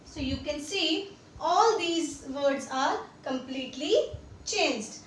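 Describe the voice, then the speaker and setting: Young female teacher with an Indian English accent and a high voice, repetitive and checking in with students, heard from a distance in an echoey room. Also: takes it slowly, a bit bright. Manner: repeats examples and checks understanding. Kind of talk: classroom grammar lesson. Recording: echoey room, distant mic, faint noise.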